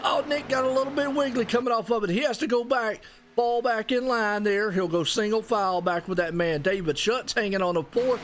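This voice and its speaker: A man doing live play-by-play commentary on a sim race, folksy and excitable, dropping y'all and ain't as he talks. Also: sits high, brisk, faint music behind.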